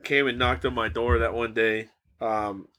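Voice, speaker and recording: A man's voice: mid-range voice, unhurried. Profane young man telling stories. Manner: profane, animated storyteller who acts out quotes. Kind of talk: casual chat.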